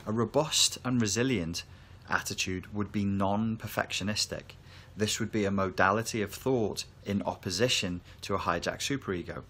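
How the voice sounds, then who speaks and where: Low-voiced calm male coach. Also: moderate pace. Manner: calm, reassuring, explanatory. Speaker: therapy coach. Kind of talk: reflective talk to camera.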